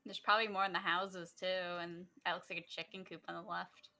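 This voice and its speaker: A woman's voice: lowish voice, level tone, brisk, creaky, bright, forceful tone. A woman playing a tabletop game, asking questions and giggling. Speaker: player.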